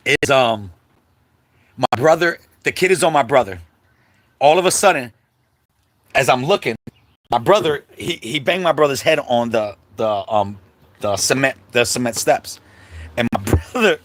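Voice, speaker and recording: A man hosting a livestream, telling a childhood story in a casual, animated way and acting out the quotes, with many asides to the listeners. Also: mid-range voice, no echo. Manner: animated storyteller, acts out quotes, many "you know what I'm saying" asides. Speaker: host. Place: livestream setup.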